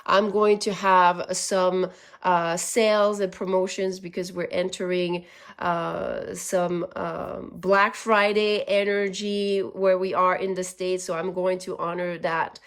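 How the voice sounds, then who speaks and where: A woman giving a casual spiritual tarot reading, earnest and easily moved, laughing at times. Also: fairly low pitch. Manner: earnest, gets emotional, laughs. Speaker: tarot reader.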